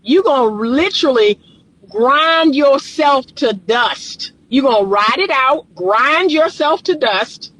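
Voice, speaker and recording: Here the same coach delivers her straight-to-camera advice slowly, her high, animated voice carrying a fairly bright tone over a low-quality recording. She keeps things casual and colloquial, pressing her points in a preachy, emphatic way and breaking into laughter frequently.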